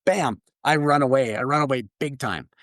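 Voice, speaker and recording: A man from Canada, a keynote speaker, telling a story in an animated way and laughing as he goes. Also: medium pitch, a little fast, dry recording, clean studio sound. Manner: lively, laughs through his story.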